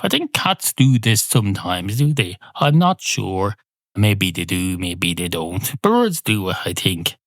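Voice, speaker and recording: A man's voice: low-pitched, very animated, a little slow, dry recording, clean studio sound. A man hosting a podcast, rambling through a playful comic monologue, often cutting himself off and swearing freely. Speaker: podcast host.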